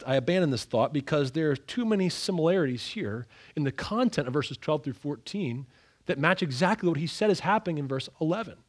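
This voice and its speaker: A man preaching an expository sermon, dramatic and animated, acting out the scripture with sudden raised outbursts. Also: on the high side, breathy edge.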